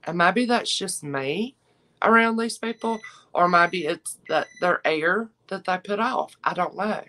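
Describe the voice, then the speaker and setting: A woman's voice: fairly low pitch, measured pace, pushed and bright, low-quality recording. Woman, 50s, live-stream seller, chatty and sincere, talks right to the viewers.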